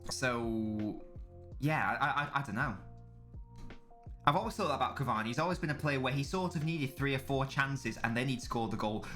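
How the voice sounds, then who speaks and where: A man's voice: mid-range voice, a bit bright. Rambling man streaming a match. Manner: rambling, swears freely, reads out chat. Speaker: live streamer. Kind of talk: casual match watchalong chat.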